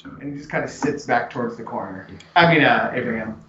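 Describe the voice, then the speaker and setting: A man running a tabletop game as game master, narrating in a relaxed way with many fillers. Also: mid-range voice, a little fast. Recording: echoey room, dull lo-fi mic with faint hiss.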